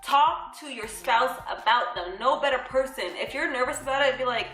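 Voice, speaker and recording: A woman's voice: sits high, moderate pace, sharp tone, soft background music. A woman in her twenties co-hosting a couples vlog, telling a story in a bubbly way, laughing often and acting out what people said. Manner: bubbly, laughs often, acts out quoted dialogue. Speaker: vlog co-host. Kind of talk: casual storytelling to camera. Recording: echoey room.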